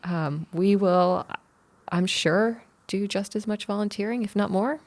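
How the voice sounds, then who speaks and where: A woman co-hosting a podcast, telling stories in relaxed, chatty casual talk. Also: mid-range voice, a little slow. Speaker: podcast co-host. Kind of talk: casual chat.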